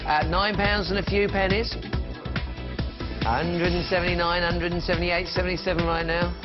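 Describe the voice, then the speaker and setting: A man's voice: sits high, little pitch movement, normal speed, muffled recording. A man presenting live on a shopping channel, chatting and counting down falling prices. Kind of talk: live TV sales pitch. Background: music.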